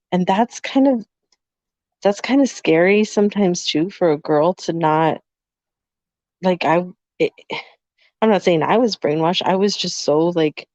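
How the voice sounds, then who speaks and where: A woman's voice: fairly low pitch, darkish tone, no echo. A middle-aged woman co-hosting a podcast, speaking reflectively and casually with many "like" fillers. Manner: reflective, filler-heavy with frequent "like". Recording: dry, dull lo-fi sound.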